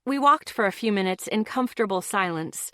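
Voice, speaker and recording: A woman's voice: medium pitch, animated, fairly quick, a bit bright, no room sound. Woman narrating an audiobook, dry close sound. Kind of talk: first-person audiobook narration.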